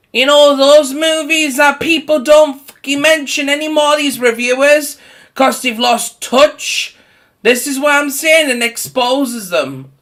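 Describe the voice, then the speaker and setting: A man's voice: very high voice, sharp tone. A man ranting casually about horror movies, swearing often and laughing between his points, sometimes mocking people in put-on voices. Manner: mocks others with put-on voices. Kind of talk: profane casual rant.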